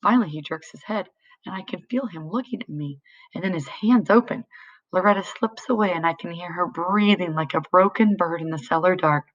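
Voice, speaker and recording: Low-voiced woman reading a novel. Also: a little fast, dull audio. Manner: tense, dramatic. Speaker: audiobook reader. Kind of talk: first-person novel narration.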